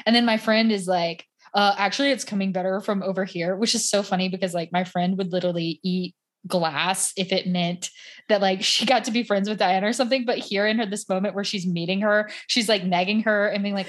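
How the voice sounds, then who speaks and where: A woman in casual podcast chat, telling stories in a chatty, animated way with many fillers. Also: medium pitch, fairly quick.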